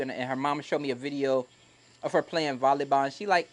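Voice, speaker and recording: A man who used to teach, co-hosting a podcast and telling a story in a casual, animated and heartfelt way. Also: fairly high pitch, brisk. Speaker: podcast co-host, former teacher.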